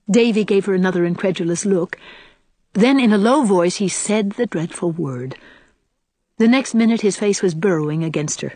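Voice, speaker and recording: A woman narrating a classic novel in an expressive storybook reading. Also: medium pitch, normal speed, no room sound. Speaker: audiobook narrator.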